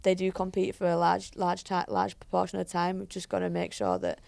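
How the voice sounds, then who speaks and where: A woman's voice: fairly low pitch, very animated, fairly quick, creaky, darkish tone, no echo. A woman, a head coach chatting as a guest, telling stories with many fillers and restarts. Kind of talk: casual interview chat.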